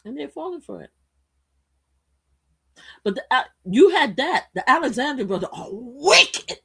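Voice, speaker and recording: A woman's voice: high voice, very animated, measured pace, gravelly, fairly bright tone, husky. A woman hosting a live stream who tells a story in a rambling, gossipy way, with swearing and frequent lost threads. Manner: rambling and gossipy, swears, loses her train of thought. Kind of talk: casual storytelling commentary.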